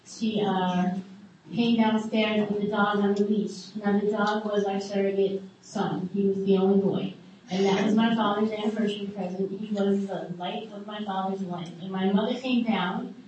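A middle-aged woman candidly telling her life story to a live group, halting often and adding wry asides. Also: mid-range voice, fairly even intonation, a little mellow, muffled recording, a little hiss or hum. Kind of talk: personal testimony to a live group. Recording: echoey room heard from a distance.

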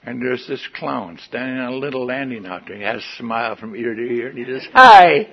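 A man's voice: medium pitch, fairly even intonation, fairly quick, gravelly, husky, lo-fi sound. An older man giving a folksy, wry personal testimony at a meeting, in front of an audience. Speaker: recovery meeting speaker.

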